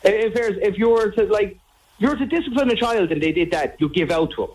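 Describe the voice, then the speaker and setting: A man's voice: high voice, fast talker, darkish tone, low-quality recording. A man with an Irish accent calling into a radio show, ranting scornfully. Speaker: caller. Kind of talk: phone-in caller.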